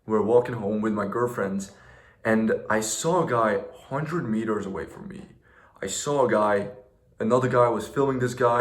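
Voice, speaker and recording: A man's voice: lowish voice, normal speed, reverberant. A young man telling a story in a casual vlog, rambling and slangy with lots of fillers and restarts. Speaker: vlogger.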